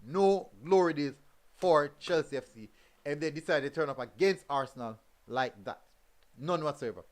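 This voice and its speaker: A man's voice: a little high, normal speed. Man repeating himself for emphasis. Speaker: football review show host. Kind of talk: casual live football review talk.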